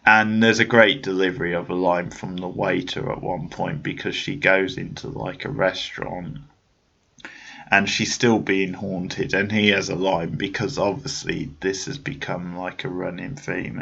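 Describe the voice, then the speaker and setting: Low slow guy with a gravelly voice, rambling through a movie review on a podcast. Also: little pitch movement, a bit bright, muffled recording. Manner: rambling, many restarts and fillers, laughs at the film. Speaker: podcast host. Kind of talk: casual film review chat.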